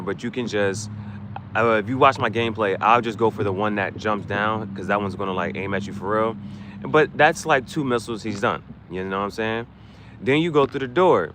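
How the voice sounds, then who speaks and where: A man's voice: on the low side, a bit bright, a little hiss or hum. A man streaming a video game, giving rambling tips in casual commentary and often restarting his sentences. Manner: rambling, restarts a lot, breaks into quick rap freestyles for gifts. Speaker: gaming streamer.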